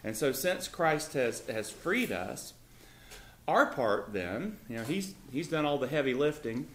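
A man's voice: medium pitch, very animated, a little slow, a bit bright, reverberant, slight background noise. A man leading a Bible study, explaining and reading scripture in an earnest, conversational way. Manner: earnest, repeats words, reads scripture aloud.

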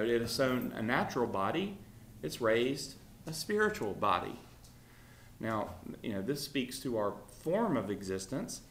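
A man's voice: medium pitch, a bit bright. Man teaching a Bible class in an echoey room. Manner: conversational, full of fillers, asks the class questions. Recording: roomy echo.

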